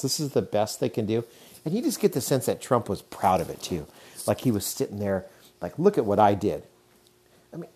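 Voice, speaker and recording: A man's voice: on the low side, a little mellow, husky. A man in his thirties hosting his own podcast, chatting casually and rambling with lots of fillers. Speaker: podcast host. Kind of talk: casual solo podcast talk.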